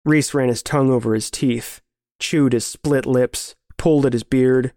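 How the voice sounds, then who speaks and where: A man narrating a grim story in a measured, serious way. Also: medium pitch, steady tone, dark tone, no room sound, clean studio sound. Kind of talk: scripted horror story narration.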